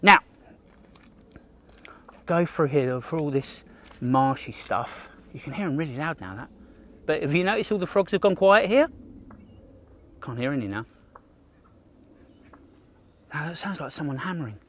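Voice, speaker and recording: Lively, animated man outdoors. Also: a little high, unhurried, pauses often. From Australia. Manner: enthusiastic, talks to the viewer, jokes and gasps at finds. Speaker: children's nature educator. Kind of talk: livestreamed nature walk for kids. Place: outdoors on a bush walk.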